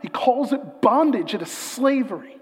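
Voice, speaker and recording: A man preaching a sermon as pastor, emphatic and building to loud peaks, slowing to a hushed, reflective reading. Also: very high-pitched, expressive, long reverb tail.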